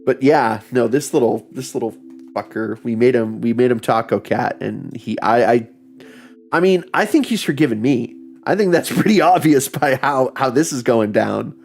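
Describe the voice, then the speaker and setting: A man's voice: mid-range voice, normal speed, creaky. Laughing, rambling male streamer. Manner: rambling, laughing, swears casually. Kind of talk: casual livestream chat.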